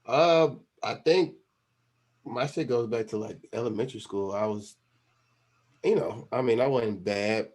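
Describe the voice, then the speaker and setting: A man's voice: mid-range voice, unhurried, a little mellow. A young man co-hosting a podcast, telling stories in a laid-back, casual way. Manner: laid-back storytelling with lots of "like" and "you know". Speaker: podcast co-host. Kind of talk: casual chat.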